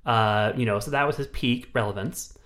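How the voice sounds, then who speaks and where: A man co-hosting a casual film-review podcast, talking in an animated, profane way and slipping into mocking mimicry. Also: mid-range voice, normal speed. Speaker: podcast co-host.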